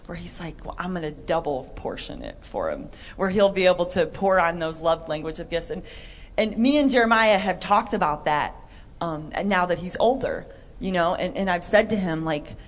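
A woman co-hosting a Christian talk show, chatty and animated, acting out little quotes. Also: on the low side, moderate pace. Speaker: co-host. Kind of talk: Christian podcast chat.

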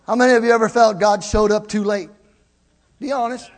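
A man preaching a sermon to his congregation, animated, swinging between loud and hushed, with jokey asides. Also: high-pitched, fairly quick. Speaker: pastor. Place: church. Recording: long hall reverb.

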